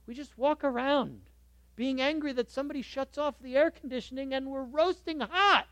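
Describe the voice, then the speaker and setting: Male pastor preaching, lively and emphatic, high voice, dry close sound. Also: moderate pace, dry recording. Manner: animated and emphatic, swinging from loud bursts to soft asides. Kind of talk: sermon.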